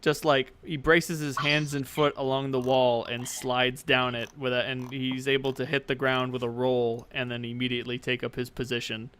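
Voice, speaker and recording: A man's voice: medium pitch, flat delivery, normal speed, hardly any pauses, a bit bright, slight background noise. A young man narrating a tabletop game as game master, in a casual, rambling way with many fillers.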